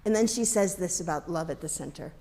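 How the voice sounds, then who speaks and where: Mellow-voiced woman minister preaching. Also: lowish voice, fairly quick. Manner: conversational, with light asides and gentle humor. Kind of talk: sermon. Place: congregation's worship hall. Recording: long reverb of a large hall.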